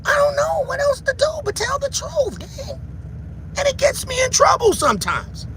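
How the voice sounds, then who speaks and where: A man giving heated livestream commentary who shouts, taunts his viewers and keeps repeating a catchphrase. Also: very high-pitched, very animated, moderate pace, slight background noise.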